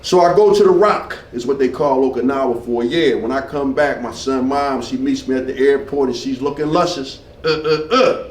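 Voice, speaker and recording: A retired military man in his fifties, with a slightly high, animated voice at a normal speed, does a stand-up set on a small club stage. He tells loose stories and banters with the crowd, picked up from a distance with roomy club sound and a noisy background.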